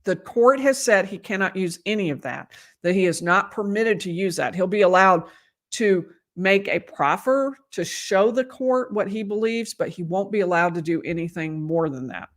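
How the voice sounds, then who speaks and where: A woman lawyer with an expressive, medium-pitched voice talks at a moderate pace, providing conversational live commentary on a court case. She keeps losing her voice, restarting sentences, and making emphatic asides.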